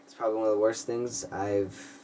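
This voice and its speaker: Young guy telling a story to his camera, kinda low flat voice, lots of "like" and "um", sounds a bit far from the mic with a faint hum. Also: brisk. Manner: rambling, filler-heavy, earnest retelling with acted-out quotes. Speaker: vlogger telling a personal story.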